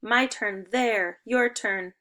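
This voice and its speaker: A young woman teaching an online spelling lesson to second graders, upbeat and encouraging, giving clear step-by-step instructions. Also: fairly high pitch, slow, sharp tone.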